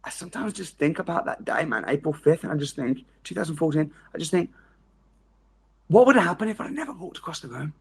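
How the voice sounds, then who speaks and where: A man, giving a motivational seminar talk as a training speaker, telling stories with sudden loud jumps and quiet drops. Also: a little high, animated, fast talker, creaky, breathy edge.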